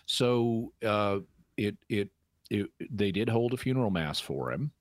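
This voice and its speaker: A man answering listener questions on a call-in radio show, explaining things in a measured way with occasional restarts. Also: lowish voice, animated, dry recording.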